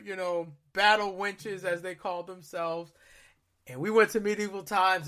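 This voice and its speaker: A man with a high, bright, forceful voice tells stories as a podcast co-host. His talk is casual and slangy, and he gets animated as he goes. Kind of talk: casual storytelling chat.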